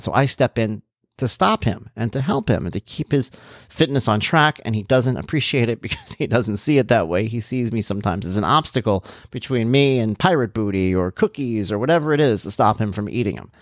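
Animated man telling a podcast story. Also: brisk, no room sound, studio quality. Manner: animated, jumps to a high voice when quoting himself. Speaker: podcast host. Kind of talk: casual storytelling monologue.

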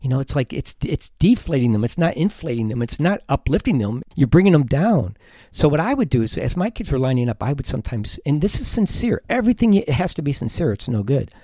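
A man's voice: mid-range voice, big pitch swings, brisk, dark tone, no room sound, clean studio sound. A man, a teacher hosting an advice podcast, talking earnestly and emphatically, at times heated.

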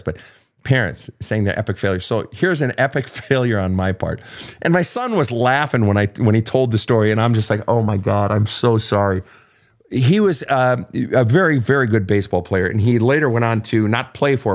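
A man's voice: on the low side, lively intonation, brisk. A man in his fifties hosting a call-in advice show, telling stories candidly, swearing freely and laughing at himself. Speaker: podcast host answering listener questions. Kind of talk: casual storytelling and advice.

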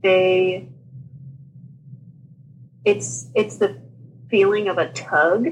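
A woman in her thirties, a guest on a talk show, telling her story in a casual, animated way, laughing often and acting out what people said. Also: medium pitch, very slow, a little hiss or hum, rough recording. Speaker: podcast guest sharing her birth story.

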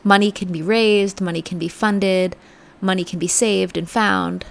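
A woman hosting a podcast, giving an earnest, reflective motivational talk that sometimes drops to soft near-whispers. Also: mid-range voice, steady tone, measured pace, vocal fry. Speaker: podcast host. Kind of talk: motivational self-help talk.

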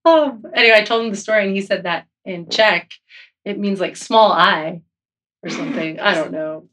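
A woman, a snowboard instructor, telling lively, laughing anecdotes about a coworker in an interview. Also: mid-range voice, normal speed, distant mic. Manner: animated, laughing storyteller.

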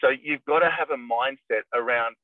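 A middle-aged real estate agent with a medium-pitched voice coaches at a normal speed, acting out phone calls in a casual, energetic way. It's relaxed podcast talk, heard over a tinny, phone-like line with a dry sound.

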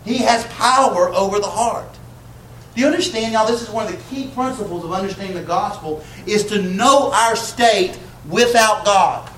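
Male pastor, slightly high voice, conversational sermon delivery, roomy church sound. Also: moderate pace, a bit bright, a little hiss or hum. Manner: conversational, asks the congregation questions. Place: church sanctuary. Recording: echoey church room, faint ambience.

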